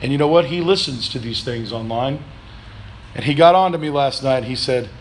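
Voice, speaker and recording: A man pastor preaching a sermon in a church, calling for answers from the congregation, swinging between loud, shouted pleas and low, quiet reflection. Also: moderate pace, slight background noise. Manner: preaching with call-and-response, rising to shouts then dropping low. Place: church sanctuary.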